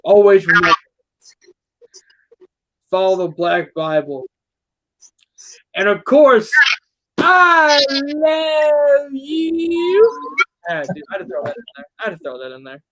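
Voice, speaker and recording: A man hosting a backyard wrestling talk show, cutting a brash, mocking promo that swings between mumbled asides and shouts. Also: high voice, lively intonation, normal speed, pauses often, dry recording, poor audio. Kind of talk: trash-talking wrestling promo.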